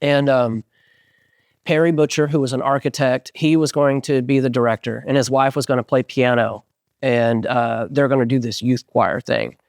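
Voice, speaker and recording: A man in his forties, a band singer, telling stories in an animated way as an interview guest and acting out the voices of people he quotes. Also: medium pitch, normal speed, vocal fry, no echo, clean studio sound. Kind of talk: casual storytelling interview.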